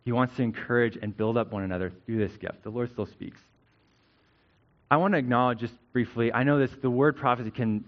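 A man preaches to his church in a relaxed, conversational way, often pausing to ask "right?" as he explains. His voice sits fairly low. The recording sounds dull and lo-fi. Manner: conversational, often adds "right?" to check understanding. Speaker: pastor. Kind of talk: sermon teaching.

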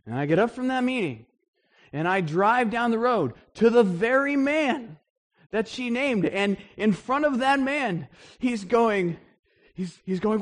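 A man preaching a sermon in a conversational, animated storytelling way, with frequent restarts. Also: high voice, a little slow. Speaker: pastor.

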